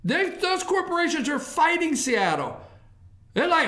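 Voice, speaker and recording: Animated, sarcastic male talk show host. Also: very high-pitched, unhurried, reverberant. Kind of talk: political commentary.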